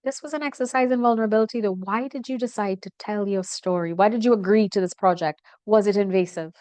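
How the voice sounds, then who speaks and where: A woman hosting a broadcast interview, measured and encouraging as she puts questions to her guests. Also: mid-range voice, darkish tone. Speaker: interview host.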